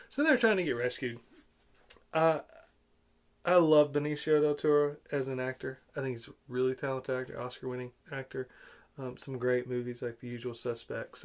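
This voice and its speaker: A man giving a casual, opinionated film review, sarcastic and exasperated, with big swings in loudness. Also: on the high side.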